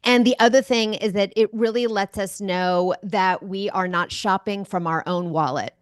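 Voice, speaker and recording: An enthusiastic woman tells stories as a guest in a conversational interview. Her voice sits at a middle pitch and sounds dry, with little room around it. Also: moderate pace, no echo. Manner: enthusiastic, animated storyteller. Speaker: guest speaker.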